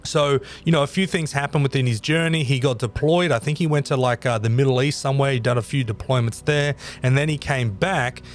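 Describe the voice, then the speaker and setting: A man's voice: mid-range voice, brisk, hardly any pauses, soft background music. A man hosting a podcast, telling a story in a casual, rambling way with emphatic repeats. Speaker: podcast host.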